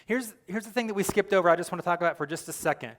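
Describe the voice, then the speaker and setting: A young adult male pastor giving a sermon, telling the story with lively, acted-out quotes and earnest direct address. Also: high voice, rapid-fire, slight background noise. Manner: animated storytelling, acting out quoted lines.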